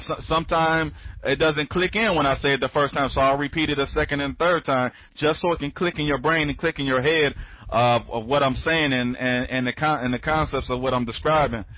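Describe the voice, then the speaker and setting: A man's voice: mid-range voice, no room sound. A sleepy man hosts an online training session, rambling and circling back to repeat his points. He restarts his sentences often and speeds up when he gets going. The sound is dry and muffled, like a cheap headset. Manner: talks fast when excited. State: sleepy, tired. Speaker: online training conference host. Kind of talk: casual live webinar talk. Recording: dry, dull lo-fi audio.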